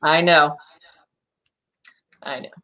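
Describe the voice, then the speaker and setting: A woman co-hosting a casual true-crime podcast, telling the story in an animated way. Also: drawn-out words. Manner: animated storytelling, acts out quotes in a high voice. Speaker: podcast co-host.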